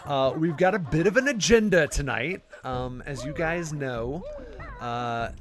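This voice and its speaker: A man's voice: a little high, lively intonation, measured pace, over music. A man hosting a live gameplay stream, chatting casually in a rambling, self-deprecating way with plenty of fillers. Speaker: gaming channel host.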